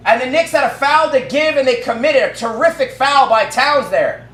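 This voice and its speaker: Guy doing fan play-by-play of a basketball game, really high voice, echoey room, fast excited calls. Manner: rapid excited calls that rise to shouting at big plays. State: out of breath. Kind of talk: live play-by-play commentary.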